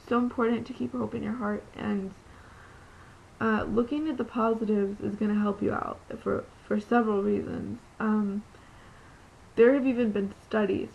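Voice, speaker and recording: A woman's voice: medium pitch, gravelly. A young woman vlogging about living with epilepsy, earnest and encouraging, with frequent ums and restarts. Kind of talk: heartfelt motivational vlog talk. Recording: lo-fi webcam audio with faint noise.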